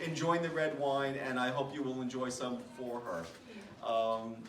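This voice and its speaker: Unhurried and medium-pitched with a fairly bright tone, a middle-aged man gives a memorial toast for his late parent. He's chatty and self-mocking, laughing through funny tales and at times faltering emotionally. He's far from the mic in an echoey room with background noise.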